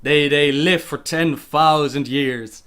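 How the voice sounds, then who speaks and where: A young Dutch man speaking English with his home accent, running a relaxed livestream Q&A. His voice sits a little higher than most men's. He reads out questions from the chat and answers them in an easy, chatty way. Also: slow, clear, resonant tone. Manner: reads viewer questions aloud and answers chattily, with frequent laughs. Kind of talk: casual livestream Q&A.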